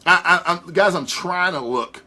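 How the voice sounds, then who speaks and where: A man hosting a casual talk show, rambling through theories with live viewers in a profane, excitable way. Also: high-pitched, measured pace. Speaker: podcast host.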